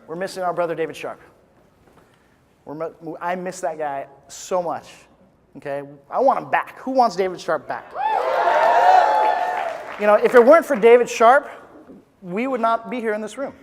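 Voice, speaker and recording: A man giving an energetic, joking motivational talk at a live business seminar, rallying the audience into chants. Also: high voice, normal speed, long pauses, a little hiss or hum. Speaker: motivational speaker at a business event. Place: large conference room with live audience. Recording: reverberant hall with crowd. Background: audience responses and applause.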